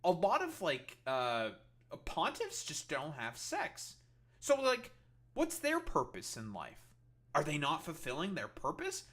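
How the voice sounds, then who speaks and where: A man's voice: on the high side, huge pitch swings, unhurried, fairly bright tone. A man streamer reacting to a clip, ranting in a heated, sarcastic, profane way. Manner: sarcastic, heated, swears constantly.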